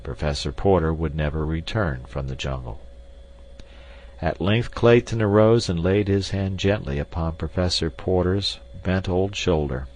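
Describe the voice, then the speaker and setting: A man narrating an audiobook in a steady, even reading. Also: deep voice, unhurried. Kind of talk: scripted narration.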